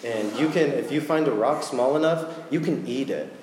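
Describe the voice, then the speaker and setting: A man's voice: medium pitch, moderate pace, a crowd in the background. A man giving a casual sermon, chatty and joking with slangy asides. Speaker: preacher. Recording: echoey hall with long reverb.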